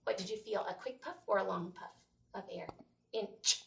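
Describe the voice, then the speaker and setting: A woman teacher runs a small-group phonics lesson, modeling each sound slowly and clearly. Her voice has a gravelly, fry-tinged edge. She sits some way from the mic, with faint noise underneath. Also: medium pitch, fairly bright tone, far from the mic.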